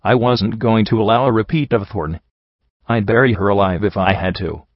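Low-voiced man reading a story aloud. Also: normal speed, dry recording. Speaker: audiobook narrator. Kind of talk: fan fiction reading. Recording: dull, dry home recording.

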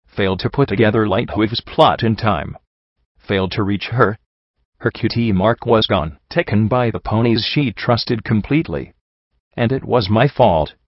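Low male voice reading a dark story, dull lo-fi sound, dry. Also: no echo. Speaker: audiobook reader. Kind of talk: first-person story narration. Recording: dull lo-fi recording.

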